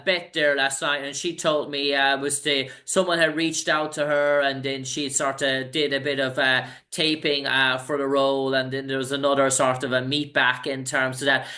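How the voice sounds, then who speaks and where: A man's voice: on the high side, fairly even intonation, normal speed, hardly any pauses, pushed and bright. An Irish man hosting an interview, asking long, rambling questions in a casual chat. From Ireland. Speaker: interview host.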